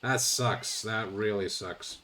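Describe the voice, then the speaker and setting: A man's voice: on the low side, fairly even intonation, slow pace, very noisy. A man streaming a video game, commenting casually with sarcastic grumbles and mild swearing.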